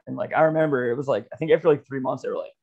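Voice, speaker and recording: A man's voice: mid-range voice, fairly even intonation, rapid-fire, gravelly, darkish tone, husky. A man co-hosting a podcast, telling a rambling, profane story in casual chat and laughing often. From Philadelphia area. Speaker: podcast co-host. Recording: dull lo-fi podcast audio.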